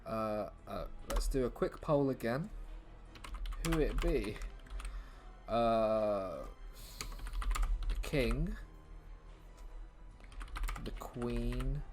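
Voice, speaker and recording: A medium-pitched male comedian writes a script live on stream, musing and thinking aloud with viewers. He frequently trails off mid-thought.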